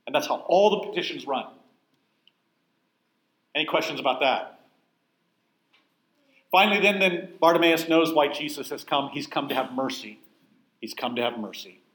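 A man leads a Bible class, talking in a lively, conversational way and stressing points hard. He keeps asking his listeners questions. His voice sits a little high and rings in an echoey room. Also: moderate pace, long pauses. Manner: emphatic, asks the room questions. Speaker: pastor teaching a Bible class.

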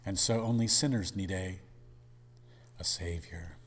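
A man's voice: deep voice, a little slow, big-room sound. A male pastor preaching a sermon in an emphatic, dramatic way, with rhetorical questions.

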